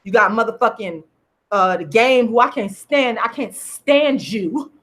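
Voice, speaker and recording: Furious high-voiced woman ranting. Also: a little slow, fairly bright tone. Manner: heated, profane, repetitive, emphatic. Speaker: online commentator. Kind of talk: angry profane vlog rant.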